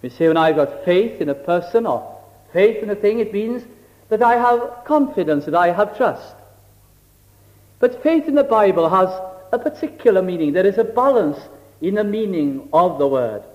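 A middle-aged man preaching a sermon slowly and deliberately, acting out little scenes to illustrate his point. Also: high voice, expressive, a little mellow. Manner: slow, deliberate, with acted illustrations. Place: church. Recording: dull old recording in a hall with long reverb.

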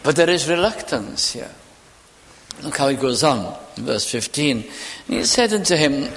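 Man, preacher, sermon, higher-pitched voice, earnest and emphatic, hushed solemn moments. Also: expressive. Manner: earnest, slow and emphatic, dropping to a hush for solemn points. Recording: long hall reverb.

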